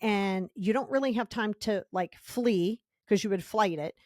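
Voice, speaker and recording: A woman's voice: mid-range voice, measured pace, darkish tone, dry recording, studio quality. A woman hosting a self-help podcast, talking emphatically, repeating key words for stress and acting out little scenes in quoted voices. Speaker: podcast host.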